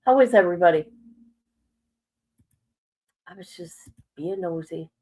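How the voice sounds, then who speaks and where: A woman's voice: fairly low pitch, expressive, measured pace, darkish tone, rough recording. A middle-aged woman chatting casually on a live stream as a commentator, rambling and emotional, often breaking into exclamations.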